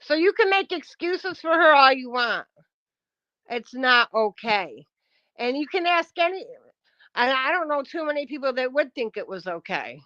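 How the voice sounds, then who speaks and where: New woman going off on her live chat, high voice, swears a lot, kinda dull lo-fi sound. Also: big pitch swings, moderate pace, pushed and bright, no room sound. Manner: confrontational, blunt, swears often. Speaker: live streamer. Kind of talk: heated live-stream rant.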